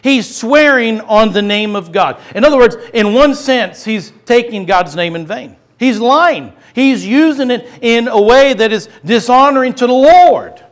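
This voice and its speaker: Middle-aged male pastor, high tenor, passionate sermon delivery that drops to a hush. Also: expressive, a little slow, hardly any pauses. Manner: impassioned, swings from loud to hushed.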